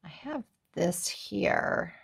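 A woman's voice: fairly low pitch, animated, drawn-out words, gravelly, husky. A woman hosting a card-making tutorial, thinking aloud in a casual, musing way as she works. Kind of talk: casual crafting tutorial talk.

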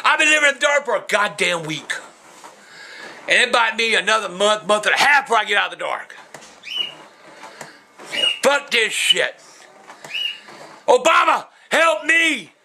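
An older man ranting loudly at home, shouting and cursing in a profane home-video tirade. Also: sits high, sing-song, moderate pace, vocal fry, long pauses, background noise. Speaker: grandfather ranting on camera. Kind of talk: casual home video rant.

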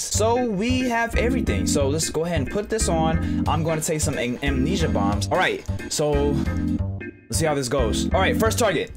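A man talks through a video game as a YouTuber, excitable and joking, chatting to the characters on screen. His pitch leaps about with lots of life. Loud game music plays under his voice. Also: normal speed. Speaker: gaming YouTuber. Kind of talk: let's-play commentary.

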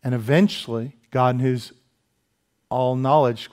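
A man preaching from the pulpit, pitch set in the everyday middle. He tells stories with animated asides and pokes fun at himself. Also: brisk. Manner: animated storytelling with asides and self-deprecating humor. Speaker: pastor. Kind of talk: sermon. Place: church sanctuary.

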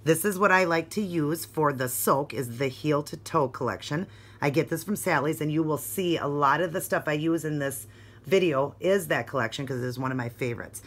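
A woman's voice: low-pitched, brisk. A woman chatting casually in her vlog, giggly and keeps breaking into laughter, sometimes dropping almost to a whisper. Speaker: beauty vlogger.

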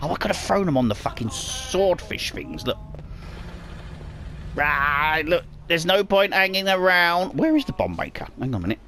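Male let's-player, foul-mouthed and excitable, gravelly, lively pitch. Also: moderate pace, noisy background. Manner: sweary, excitable, mutters to himself. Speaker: gamer. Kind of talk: profane let's play commentary.

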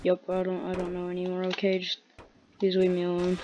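A woman's voice: fairly low pitch, completely flat delivery, a little fast, warm tone, slight background noise. A woman giving casual gameplay commentary, playful and muttering to herself, now and then chanting silly sounds. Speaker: gameplay video host. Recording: faint keyboard and mouse clicks behind.

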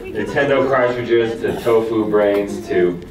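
A man's voice: fairly low pitch, slow pace. A man moderating a convention panel Q&A in a chatty, easygoing way. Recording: distant, echoey mic with crowd.

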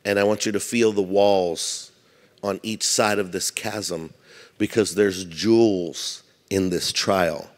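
A man's voice: low voice, steady tone, slow pace. A man preaching a sermon as a pastor, conversational with humorous asides. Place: large church hall. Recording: long hall reverb.

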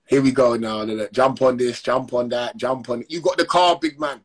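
A man's voice: medium pitch, fairly quick, few pauses. A man ranting on a phone livestream, heated and slangy, repeating his call-outs. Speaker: Instagram live streamer. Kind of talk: confrontational live-stream rant.

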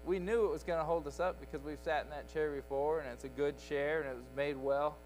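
A man preaches a Sunday school lesson, building each point through emphatic repetition. His voice sits a little high for a man, and faint music hums underneath. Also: steady tone, fairly quick, darkish tone, low-quality recording. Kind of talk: sermon. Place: church sanctuary.

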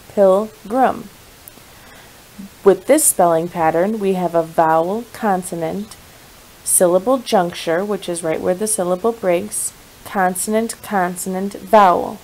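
A woman teaching a spelling lesson, clear, steady and instructive. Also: medium pitch, low-quality recording.

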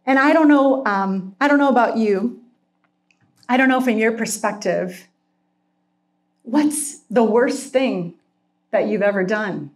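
A middle-aged woman giving a heartfelt sermon with personal testimony, earnest and emotional, slowing down for emphasis and at times tearful. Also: a little high. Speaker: speaker at a Christian retreat.

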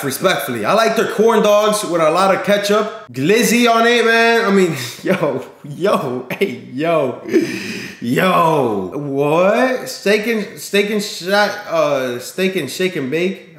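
A man's voice: sits high, fairly bright tone, echoey room. A man live streaming in casual chat, slangy and talking straight to his viewers, often repeating himself.

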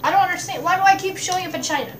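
A woman's voice: very high-pitched, rapid-fire, background noise. A young woman gaming streamer giving casual gameplay commentary, full of profane, bemused running reactions. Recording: roomy, distant mic with loud game music.

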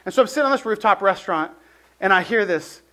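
A man with a strikingly high voice preaches in an easygoing, chatty way. He fills his sentences with "like" and tells stories with animation. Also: fast. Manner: conversational, heavy use of "like", animated storytelling. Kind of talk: casual sermon with personal story.

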